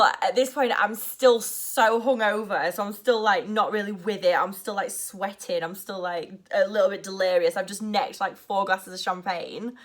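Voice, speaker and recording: A young woman telling a story in a casual vlog, rushed and nervous, saying "like" constantly. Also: mid-range voice. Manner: rushed and nervous, heavy use of "like". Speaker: vlogger.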